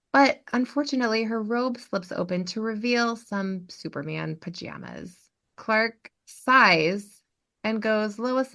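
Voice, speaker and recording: A woman hosting a podcast, recapping a TV episode as an animated storyteller. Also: mid-range voice. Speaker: podcast host.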